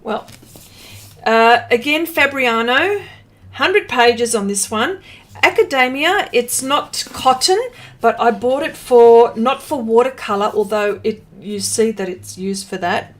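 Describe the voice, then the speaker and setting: A woman's voice: a little high, slow, a bit bright. A woman hosting an art livestream, chatting casually, reading out viewer comments, laughing often and correcting herself as she goes.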